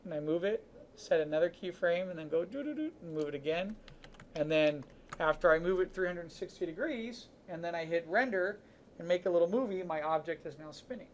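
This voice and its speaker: A man teaching a 3D modeling class, talking casually through each step of a software demonstration with chatty asides. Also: on the high side, a little hiss or hum. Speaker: 3D modeling instructor. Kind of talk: live software demonstration lesson.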